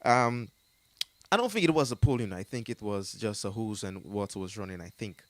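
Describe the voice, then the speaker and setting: A man's voice: fairly low pitch, expressive, brisk, no room sound. A man with a Jamaican accent telling a story in a casual interview, rambling with many fillers and frequent laughter. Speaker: artist telling his story as a guest.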